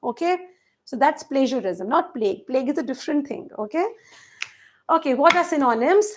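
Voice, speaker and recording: A woman's voice: high voice, expressive, a little fast. A woman teaching an online English vocabulary class for exam preparation, explaining words through everyday examples and asking the class questions, with a few Hindi words mixed in.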